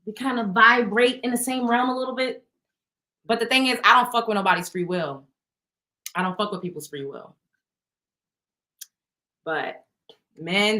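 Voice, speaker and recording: A woman hosts a casual chat show, telling blunt stories full of profanity and laughing often as she talks. Her voice is medium-pitched, bright and forceful.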